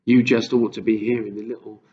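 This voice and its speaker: A man's voice: fairly low pitch, level tone, fairly quick, mellow, highs cut off, close to an everyday voice. A man voicing a kindly male giant who speaks in earnest, mangled grammar.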